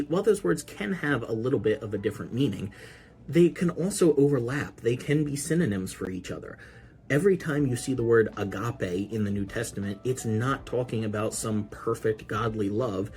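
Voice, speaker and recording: A man hosting a podcast, explaining Bible words in a relaxed, conversational way with casual asides. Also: medium pitch, moderate pace, faint music behind. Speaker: podcast host.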